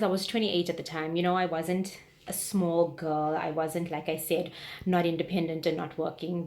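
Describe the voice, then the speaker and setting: A woman, telling a personal story on her vlog in a chatty, rambling, frank way. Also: fairly low pitch. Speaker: vlogger.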